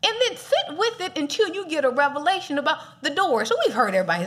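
Animated woman preaching a casual sermon. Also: high voice, fast talker. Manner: animated, playful, laughs often.

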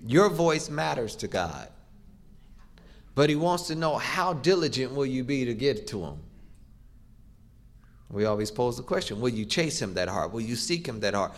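A middle-aged man delivers a sermon in a mid-pitched voice. His preaching is emphatic and rhythmic, and he builds through repeated questions. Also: big pitch swings, normal speed, pauses often.

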